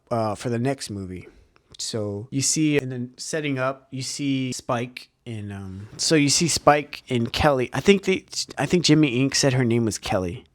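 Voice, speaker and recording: Casual male reviewer, average pitch, rambling and profane, dry recording. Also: no echo. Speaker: movie reviewer. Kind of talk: casual movie recap and review.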